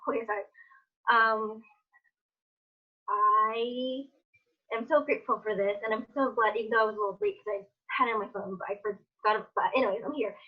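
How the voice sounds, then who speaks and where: A woman's voice: fairly high pitch, dull audio. A woman who stutters, talking emotionally and openly on a video call in a casual meeting. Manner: stutters, rambles, swings between tearful and upbeat. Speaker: attendee. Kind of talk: emotional personal sharing.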